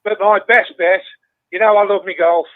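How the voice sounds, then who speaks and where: An older man, calling in over a tinny phone line. His voice sits high, and he swears constantly as he tells a story with plenty of energy. The sound is dry, with no room around it. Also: fairly even intonation, moderate pace, no echo. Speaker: caller. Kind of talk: casual phone-in chat.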